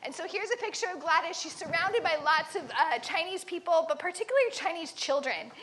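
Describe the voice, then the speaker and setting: A woman telling a dramatic story to children at camp, animated and asking them questions. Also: extremely high pitch, fairly quick. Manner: animated, dramatic, quizzes the listeners. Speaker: camp teacher.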